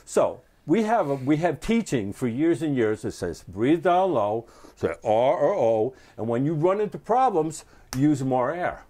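A man's voice: medium pitch, unhurried, few pauses. A man, an interviewed trumpet player, explaining technique in conversation and sounding out vowels. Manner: animated, demonstrates vowel sounds.

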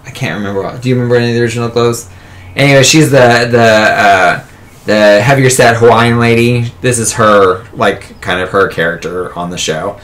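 A man's voice: mid-range voice, moderate pace, fairly bright tone. A man co-hosting a casual comic book podcast, rambling through a plot recap with lots of fillers and laughter. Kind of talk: casual chat.

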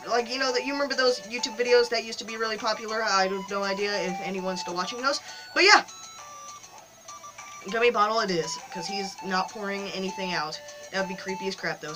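A young-sounding woman gives chatty commentary on a mobile game, with a bright, crisp tone. She gets worked up fast and shouts encouragement at her character. She is recorded on a phone, with faint game music in the background. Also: a little high, poor audio. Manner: excitable, cheers the game character on loudly. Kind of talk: casual gameplay commentary.

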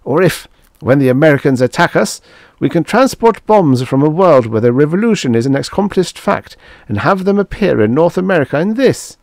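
A man's voice: a little high, sing-song, moderate pace, darkish tone, dry recording, studio quality, voice pushed up. A man voicing a smug male army colonel who talks with boyish eagerness. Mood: eager.

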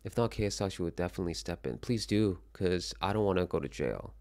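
A man's voice: low-pitched, brisk. A young man from Korea hosting a casual solo show, rambling and joking with frequent swearing. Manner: rambling, animated, swears freely, jokey. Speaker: livestream host. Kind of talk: casual chat reacting to chat.

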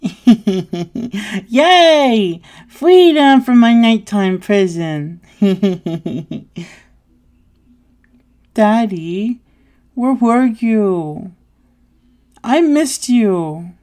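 A woman's voice: fairly high pitch, dark tone. A woman doing a whiny, clingy childlike little boy. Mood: pleading. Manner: whiny, pleading and giggly. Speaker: audio role-play creator. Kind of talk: audio role-play.

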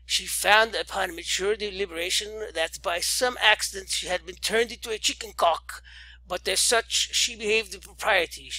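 A man's voice: high voice, bright, forceful tone, heavily acted, poor audio. A man voicing an indignant old lady who scolds shrilly and crows like a rooster.

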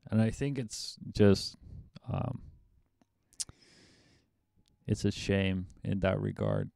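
A young man, a music producer, talks slowly through a casual livestream tutorial, relaxed and offhand, swearing now and then. His voice is mellow and gravelly, with a dry, close sound. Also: lowish voice, no echo. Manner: laid-back, swears casually, hedges opinions. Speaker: music producer teaching a masterclass.

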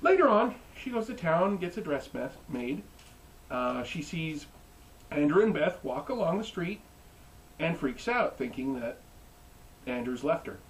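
A young man giving a joking, animated recap as a reviewer. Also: a little high, unhurried, long pauses, distant mic, a little hiss or hum, poor audio. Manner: animated, joking, mimics characters. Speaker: anime reviewer. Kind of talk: comedic recap.

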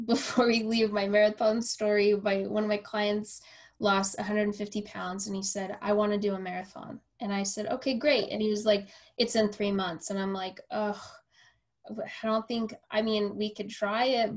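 A woman with a mid-range voice talks through a casual podcast conversation. She tells her story with energy, slipping into quoted voices of herself and others. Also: medium pitch. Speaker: podcast host.

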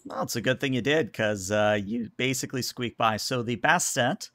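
A man's voice: mid-range voice, moderate pace, noisy background. A man running a tabletop game as game master, narrating casually with many fillers.

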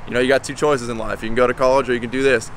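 A man putting on the voice of a mocking male high school English teacher, pitched up and scornful. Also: level tone, racing, a bit bright, slight background noise, natural voice, low-quality recording.

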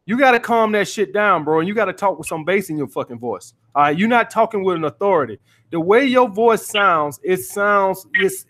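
A man's voice: sits high, fairly bright tone. A man coaching callers on dating, lecturing bluntly and cursing freely. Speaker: dating coach taking calls. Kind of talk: call-in advice show.

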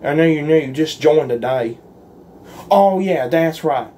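A man's voice: on the high side, animated, a little slow, dark tone, a little hiss or hum. A man doing a solo roleplay in a folksy, earnest and pleading way, as if talking to a gang of friends. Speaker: roleplay creator.

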